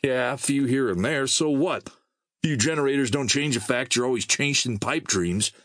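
A man's voice: medium pitch, normal speed, fairly bright tone, no echo, voice pushed up, close to an everyday voice. A man voicing a sarcastic, hot-tempered young male wasteland scavenger, speaking in a snappy, bitter way. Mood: scornful.

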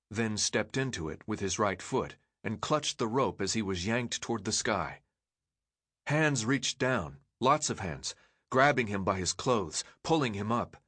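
A man narrating an audiobook in an expressive storytelling manner. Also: lowish voice, breathy edge, no echo.

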